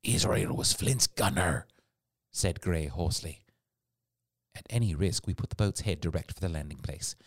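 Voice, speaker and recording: A man narrating a classic adventure story in an expressive storytelling read. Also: deep voice, no echo, studio quality. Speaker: audiobook narrator. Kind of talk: scripted narration.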